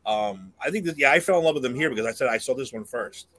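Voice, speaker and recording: A man's voice: medium pitch, expressive, quick pace, fairly bright tone, dry recording. A man co-hosting a podcast, chatting casually and animatedly, laughing often as he jokes. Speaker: podcast co-host. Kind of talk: casual chat.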